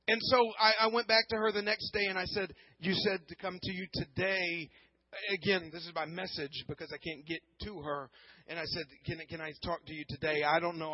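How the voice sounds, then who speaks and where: A man preaching a sermon, telling a personal story earnestly, often repeating words and swinging from hushed to loud. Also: sits high, husky, no echo, dull audio. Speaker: pastor.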